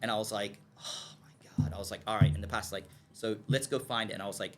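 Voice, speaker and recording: A man telling a story as a podcast guest. He acts out the dialogue in the scenes he describes, keeps checking in with "okay?", and stammers and repeats words when he gets excited. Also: fairly low pitch, very fast, soft background music.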